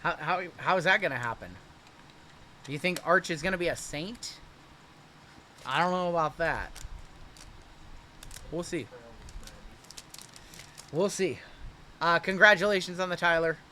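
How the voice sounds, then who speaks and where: A man's voice: on the high side, pushed and bright, a little hiss or hum. A man hosting a live card-break stream, chatting casually as he opens packs and reacts to each pull. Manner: chatty, upbeat, and quick to react to pulls.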